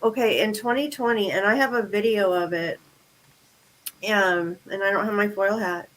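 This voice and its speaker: A woman from Southern California telling an excited story on a casual radio chat and chiming in with agreements. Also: mid-range voice, normal speed, slight background noise, rough recording.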